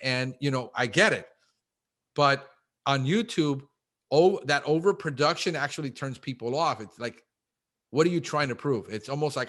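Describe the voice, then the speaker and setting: Animated man talking shop, says bro. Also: mid-range voice. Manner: fast, animated, says "bro", acts out quotes. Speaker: guest, pest control business owner. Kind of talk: casual interview chat.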